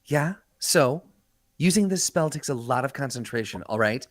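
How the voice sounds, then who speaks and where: A man's voice: mid-range voice, expressive, normal speed, no room sound, voice pushed down, natural voice. A man voicing a bossy young woman who casts a spell, in a comedic anime dub parody, talking in a curt, bossy way.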